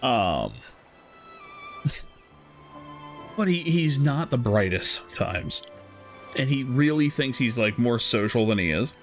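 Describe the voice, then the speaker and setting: A man's voice: medium pitch, lively intonation, slow pace, long pauses, faint music behind. A man streaming a game, casually telling a story with frequent laughs and swearing. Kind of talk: casual storytelling while gaming.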